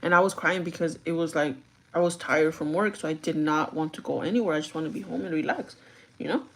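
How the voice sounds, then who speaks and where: A young woman telling a story to her viewers in an animated, chatty way while getting ready. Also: sits low, quick pace. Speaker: vlogger. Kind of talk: get-ready-with-me storytime chat.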